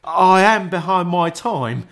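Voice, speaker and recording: A man's voice: animated, slow pace, vocal fry, a bit bright, full character voice. A man doing a timid pleading clerk. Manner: pleading, pitched up. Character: timid male clerk, apologetic, young-ish.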